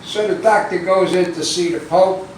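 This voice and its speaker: A man's voice: sits high, fairly even intonation, normal speed, darkish tone. A man telling dirty jokes in an echoey room. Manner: acts out characters' lines with raised voice, laughs at own punchlines. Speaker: joke teller. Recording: distant mic in a very echoey room, faint background noise.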